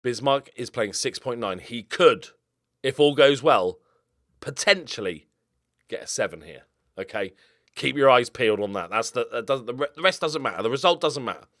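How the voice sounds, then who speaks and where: A young man commentating casually on his game, his pitch jumping all over the place. He mutters quietly, then breaks into loud excited outbursts. The sound is dry and close to the mic. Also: normal speed, dry recording. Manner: excitable, swings from mumbled asides to loud outbursts. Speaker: gaming YouTuber.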